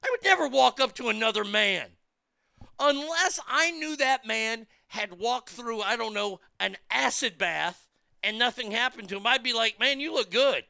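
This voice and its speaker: A man's voice: extremely high pitch, expressive, moderate pace, creaky, sharp tone, smooth, no echo. A man delivering a profane, mocking comedic rant, stumbling over restarts as he tells the story.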